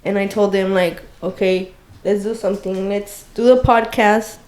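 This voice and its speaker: Soft-spoken, reflective woman podcast guest. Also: mid-range voice, fairly even intonation, moderate pace. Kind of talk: heartfelt casual chat.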